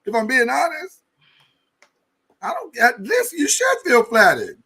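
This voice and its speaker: A man hosting a podcast in casual chat, animated and joking, often repeating himself. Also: extremely high pitch, measured pace, husky. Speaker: podcast host.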